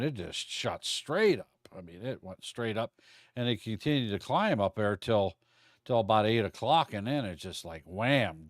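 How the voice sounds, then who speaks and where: A man's voice: on the low side, dry recording, studio quality. A middle-aged man teaching futures trading on a livestream, talking casually in a folksy, rambling way and stumbling over words now and then. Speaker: trading instructor.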